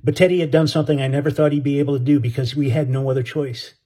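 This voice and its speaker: Husky-voiced male audiobook narrator. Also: medium pitch, fairly even intonation, very fast, mellow.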